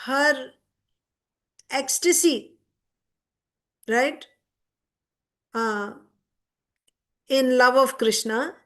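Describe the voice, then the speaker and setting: A woman's voice: high-pitched, very slow, long pauses, fairly bright tone. A woman giving a devotional scripture class, reciting verses and then explaining them word by word.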